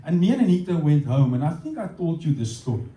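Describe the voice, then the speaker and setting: A man's voice: a little high, sing-song, fast talker, dark tone. Afrikaans-accented man preaching in a roomy hall. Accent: Afrikaans South African. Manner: storytelling, switching between English and Afrikaans. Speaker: pastor. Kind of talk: sermon. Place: church hall. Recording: roomy hall, distant mic.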